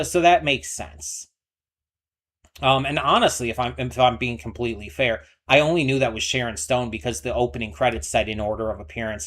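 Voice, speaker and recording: A man's voice: mid-range voice, fairly bright tone. Guy doing a reaction vid, chatty and rambly, tons of ums and false starts. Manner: chatty, rambling with many fillers and restarts. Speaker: reaction channel host. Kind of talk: casual reaction commentary.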